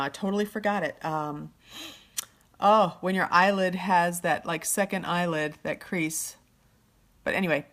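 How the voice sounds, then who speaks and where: A woman's voice: lowish voice, fairly bright tone. A woman hosting a casual live-stream makeup tutorial, her voice nasal from a sinus infection, chatty and friendly, often searching for words. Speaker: makeup consultant.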